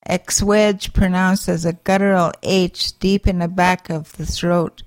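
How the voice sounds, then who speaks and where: A woman teaching a language's sounds, slowly saying each letter, its sound and an example word. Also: on the low side, steady tone, no echo. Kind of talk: slow pronunciation lesson.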